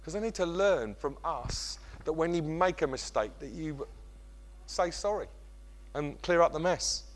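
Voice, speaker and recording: A man's voice: fairly high pitch, measured pace. Pastor mid-sermon, bouncy voice, jokey about himself, middle-aged guy. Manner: animated, self-mocking, acts out kids' voices.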